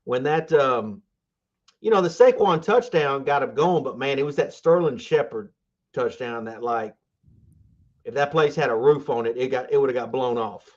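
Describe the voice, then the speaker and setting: A man's voice: mid-range voice, moderate pace, dull audio. A man co-hosting a sports podcast in casual chat, rambling and enthusiastic, full of fillers and restarts. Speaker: podcast co-host.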